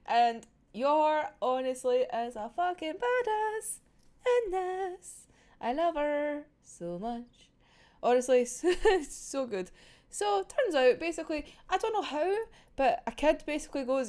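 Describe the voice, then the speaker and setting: A woman's voice: high voice, animated, a little slow, darkish tone. A young Scottish woman chatting casually as a manga reviewer, giggling often, swearing freely and acting out characters' lines. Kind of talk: casual chat.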